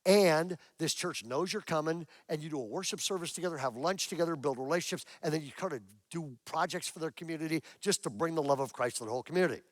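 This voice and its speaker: Man preaching, high voice, dry close sound, animated storytelling pastor. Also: fast, hardly any pauses, no echo. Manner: animated storyteller acting out quotes, building to excited. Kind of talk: sermon storytelling.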